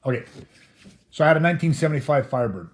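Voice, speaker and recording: A man's voice: on the high side, animated, very fast, faint music behind. A middle-aged man casually telling a rambling, profane anecdote, often chuckling as he talks. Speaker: storyteller host.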